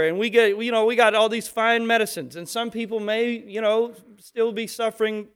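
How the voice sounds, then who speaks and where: Man, high voice, sermon, emphatic preaching, animated delivery. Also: moderate pace, few pauses, clean tone.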